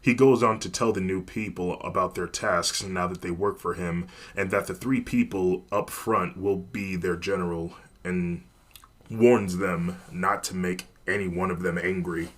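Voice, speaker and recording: Low-voiced man narrating a fan story. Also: fairly even intonation, a little slow.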